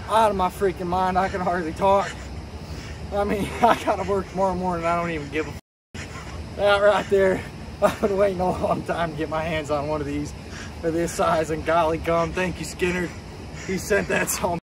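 An excited man, hollering and narrating a river fishing vlog outdoors at night. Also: high-pitched. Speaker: angler and channel host. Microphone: action camera. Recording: noisy outdoor action-camera audio.

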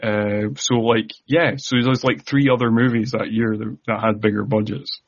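A man's voice: on the low side, flat delivery, normal speed. A man co-hosting a podcast in casual chat, talking in a stammering way with many restarts, and quoting film budget facts. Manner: chatty, stammering restarts, laughs at own jokes. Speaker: podcast co-host. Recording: dull lo-fi sound.

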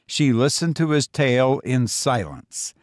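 A man reading a short story aloud as an audiobook narrator, measured and deliberate. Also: medium pitch, very animated, no room sound, clean studio sound.

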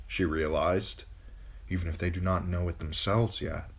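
A man with a very low voice narrating a fantasy novel as an amateur audiobook reader. His delivery is measured and steady, telling the story at an even storytelling pace. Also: husky.

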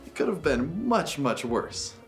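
A man's voice: on the high side, very animated, a little slow, soft background music. Wry, dry young man. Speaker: character in a comedy series.

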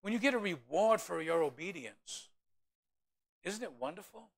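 A man, a pastor, preaching a sermon in an animated way with humorous asides to the congregation. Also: high voice, moderate pace, gravelly.

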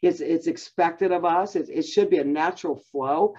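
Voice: mid-range voice, moderate pace, darkish tone, slightly rough, highs cut off. A Bible teacher giving a conversational lesson, talking in a chatty way with many fillers and self-restarts.

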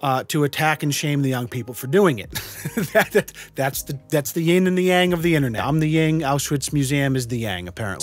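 A man hosting a sarcastic commentary video, swearing casually and scoffing at what he covers. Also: fairly high pitch. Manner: sardonic, swears casually, laughs in disbelief. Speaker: YouTube commentary host. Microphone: studio microphone.

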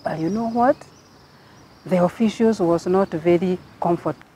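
A woman with a Kenyan English accent, teaching a Bible story to children at Sunday school in a slow, sing-song manner with rising and falling emphasis. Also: fairly low pitch, dark tone, a little hiss or hum.

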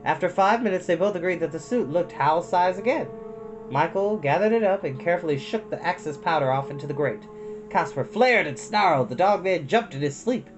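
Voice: medium pitch, animated, a little fast, over music, rough recording. A storyteller reading a chapter book aloud, breaking off for chatty, folksy asides to listeners.

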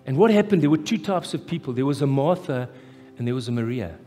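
A man with a South African accent preaching a live sermon as pastor, impassioned and rising to loud, emphatic peaks. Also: medium pitch, animated, fast. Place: church hall, live. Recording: echoey church hall with faint music.

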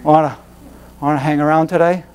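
A man's voice: a little high, little pitch movement, fairly quick, noisy background, voice pushed down, close to an everyday voice. A man putting on a listless bored drawler. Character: sluggish bored man with nothing to do.

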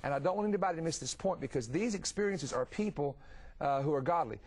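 A middle-aged man hosting a Christian television talk show, telling stories with energy and asking quick follow-up questions. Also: fairly high pitch, lively intonation, darkish tone. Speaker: TV ministry host. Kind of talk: conversational religious TV talk.

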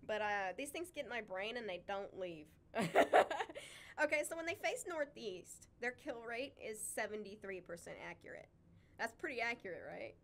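A woman's voice: mid-range voice, lively intonation, moderate pace, a bit bright. A woman co-hosting a casual chat, talking with chatty enthusiasm and frequent laughs. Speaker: podcast co-host, wildlife sanctuary keeper.

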